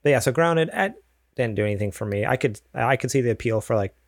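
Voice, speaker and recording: Gravelly, rambling podcast guy. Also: medium pitch, expressive, quick pace, no echo, studio quality. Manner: rambling, hedging with fillers. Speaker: podcast co-host. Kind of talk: casual chat.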